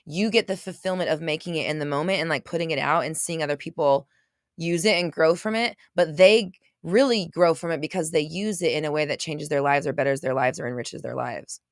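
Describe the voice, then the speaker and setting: A woman with a somewhat low voice hosts a casual motivational livestream. She reads out comments and answers them in an emphatic, gushing way, repeating herself and swearing freely. The sound is dry and close. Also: brisk, dry recording. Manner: reads viewer comments aloud. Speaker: livestream host.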